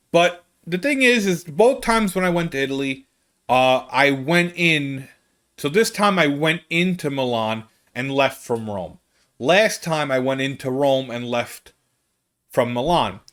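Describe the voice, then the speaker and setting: An American comedian chatting casually about a trip, rambling and interrupting himself, often checking in with "okay?". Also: male voice, a little high, a bit bright. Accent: American English. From United States. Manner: rambling, self-interrupting, keeps asking "okay?". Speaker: comedian telling a travel story. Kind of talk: casual chat.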